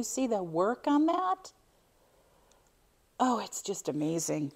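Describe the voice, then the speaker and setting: A woman's voice: mid-range voice, big pitch swings, takes it slowly, long pauses. A middle-aged woman chatting casually as she unboxes vintage finds, gushing and exclaiming often.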